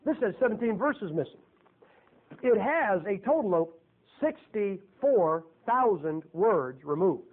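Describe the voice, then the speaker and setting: A man with a high voice delivers a folksy, emphatic sermon, firing rhetorical questions at the congregation. The recording is thin and tinny, like a phone line. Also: sing-song, unhurried. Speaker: preacher.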